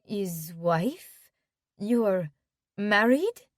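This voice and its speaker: A woman's voice: mid-range voice, expressive, very slow, no echo, clean studio sound. A woman voicing a polite, emotional middle-aged French mother who speaks formal English with a French accent. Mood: stunned.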